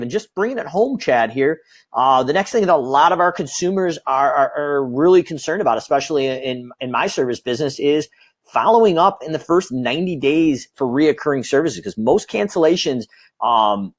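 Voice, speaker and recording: A man with a slightly high voice hosts a business webinar in a casual, easygoing way. The sound is dry and close, with little room around it. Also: no room sound. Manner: casual, hands off to the co-presenter. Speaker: webinar host. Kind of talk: webinar hosting.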